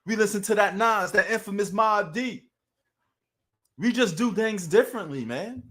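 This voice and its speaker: A man with a New York accent chats on a sports live stream, his voice pitched fairly high. He talks loosely and animatedly, leaning on street slang and addressing viewers in the chat. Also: moderate pace, sharp tone.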